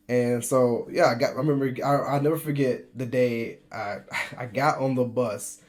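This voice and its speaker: This young American vlogger in his twenties shares a personal story in a relaxed, talkative way, laughing a lot and starting sentences over. He speaks at a normal speed with a medium pitch.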